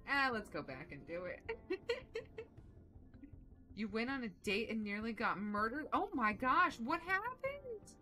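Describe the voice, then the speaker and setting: A young adult woman chatting casually with viewers while playing a video game, animated and quick to exclaim. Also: mid-range voice. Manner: animated, shrieks when excited, drops soft when focused. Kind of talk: casual let's-play commentary chatting with chat.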